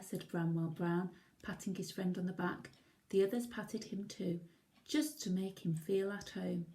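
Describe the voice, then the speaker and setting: A woman teacher reading a picture book aloud to young children, gently pointing out the pictures. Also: on the low side, steady tone, measured pace. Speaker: primary school teacher.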